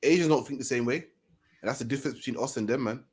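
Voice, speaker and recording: A man hosting a casual commentary show, talking in a forceful, preachy way and often ending phrases with "man". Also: medium pitch, breathy edge. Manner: fast, forceful, preachy, keeps saying "man". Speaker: host.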